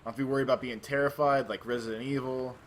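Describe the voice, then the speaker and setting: A man's voice: medium pitch, fairly even intonation, racing, a little hiss or hum. A man hosting a let's play, giving casual gameplay commentary with joking, offhand asides.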